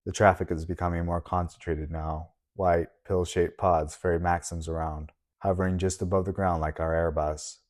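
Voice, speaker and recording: A man giving a steady, measured audiobook narration in the first person. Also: low voice.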